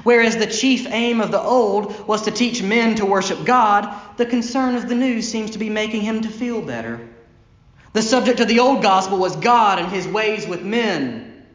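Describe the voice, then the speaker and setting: A male pastor preaching a sermon from the pulpit, pressing points with repeated phrases and dropping low and slow on key lines. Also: reverberant. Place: church sanctuary, from the pulpit.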